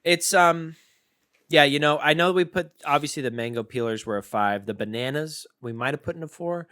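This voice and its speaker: A man's voice: fairly high pitch, normal speed, bright, forceful tone, clear, resonant tone. A man co-hosting a snack-tasting podcast, chatting casually, playful and teasing, often laughing. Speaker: podcast co-host.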